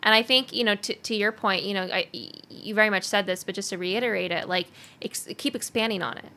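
A woman hosting a casual podcast chat, animated and chatty, with lots of likes and ums. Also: mid-range voice, fairly quick. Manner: chatty and animated, many fillers. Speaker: podcast host.

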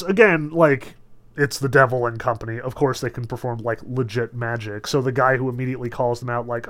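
A man's voice: mid-range voice, fairly quick. A man lecturing about a novel in a casual, chatty way, often saying "like" and "notice". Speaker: literature lecturer. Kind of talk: lecture with read-aloud passages.

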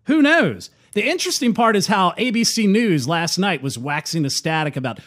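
A man's voice: high voice, expressive, normal speed, few pauses, a bit bright. A man hosting a political talk show, reading news quotes aloud and reacting with opinionated commentary. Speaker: host.

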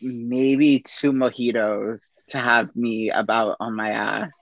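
A middle-aged man, a podcast guest, telling personal stories in a relaxed, casual way, acting out the people he quotes. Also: mid-range voice, slow pace, gravelly, no echo, lo-fi sound. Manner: relaxed anecdotal delivery with quoted dialogue. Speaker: podcast guest, army veteran. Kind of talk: casual storytelling.

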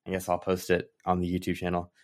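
A man co-hosting a casual fan podcast, laid back and quick to laugh. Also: low-pitched, monotone. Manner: laid-back, laughs easily, brief replies. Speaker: podcast co-host.

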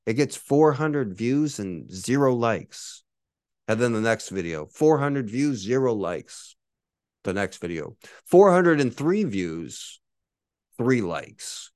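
A man's voice: mid-range voice, big pitch swings, slow pace, a little mellow, dry recording, studio quality. A man in his forties hosting his own podcast, ranting in a profane, boastful and combative way. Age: 40s. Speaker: podcast host.

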